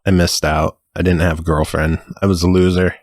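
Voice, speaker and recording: A man's voice: sits low, flat delivery, fairly quick, dry recording, clean studio sound. A man co-hosting a podcast, trading teasing, self-deprecating banter in casual chat. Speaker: podcast co-host.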